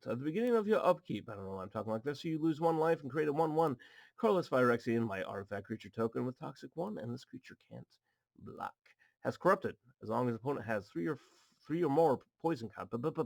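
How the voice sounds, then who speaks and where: Talking fast in an animated, creaky voice of medium pitch, a man opens card packs at home in his apartment. He chats casually, reads the cards aloud and adds goofy asides, with no room sound.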